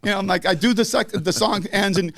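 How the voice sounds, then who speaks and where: A man's voice: high voice, fast, a bit bright. An older man from the northeastern US telling a story in casual chat, profane and laughing, acting out the people in it.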